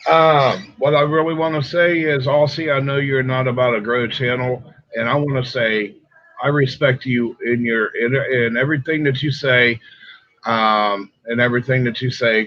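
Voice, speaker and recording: A man calling in as a guest on a live stream, earnest and sincere, swearing casually. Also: a bit bright. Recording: muffled low-fi call audio.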